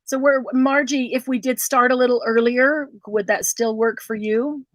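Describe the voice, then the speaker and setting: A woman's voice: fairly high pitch, steady tone, normal speed, no echo. A woman hosting a casual craft livestream, chatting with viewers and calling them by name.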